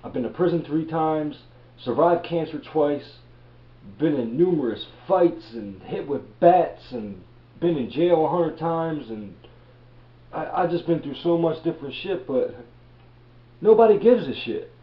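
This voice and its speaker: This reselling vlogger from Baltimore, USA, a man in his thirties, sounds a little high and animated yet unhurried as he rants bluntly and profanely to motivate. An echoey room and dull lo-fi sound mark the recording.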